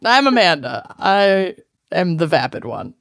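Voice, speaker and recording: A woman's voice: lowish voice, big pitch swings, unhurried, vocal fry, fairly bright tone, no room sound, clean studio sound. A woman co-hosting a podcast, bubbly and self-mocking in casual chat. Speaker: podcast co-host.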